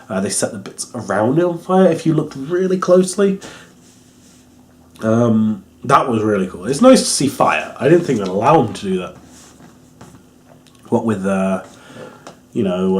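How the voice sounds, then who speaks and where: A man's voice: medium pitch, a little mellow. A young man giving a casual, rambling wrestling review, amused and swearing, with lots of ums.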